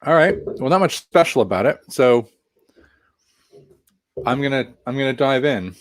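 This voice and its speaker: A man's voice: medium pitch, lively intonation, moderate pace. A man casually reviewing a craft beer on a live stream, chatting in a rambling way with self-deprecating asides while reading viewer comments.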